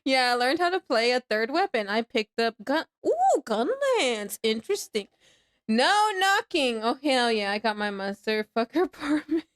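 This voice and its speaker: High-voiced young woman, casual live streamer at her home desk, laughs a lot and squeals. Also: animated, moderate pace, fairly bright tone. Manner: laughs a lot, squeals when startled, then drops to mumbling.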